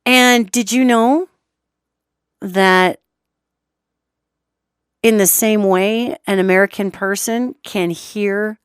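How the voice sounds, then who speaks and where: A woman hosting a podcast, delivering an animated, chatty monologue, repeating her points and swearing casually. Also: medium pitch, slow, pauses often, clean tone, no room sound, studio quality. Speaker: podcast host. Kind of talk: talk show monologue.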